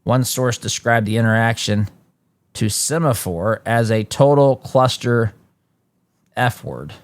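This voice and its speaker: A man hosting a political talk show, reading news reports aloud and adding quick, emphatic asides with frequent restarts. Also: medium pitch, no room sound. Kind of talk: political commentary monologue.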